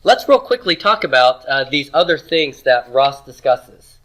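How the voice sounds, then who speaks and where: A man teaching a Hebrew grammar lesson, asking questions and answering them himself, and sounding out words slowly. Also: mid-range voice, big pitch swings, a bit bright. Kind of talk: classroom lecture.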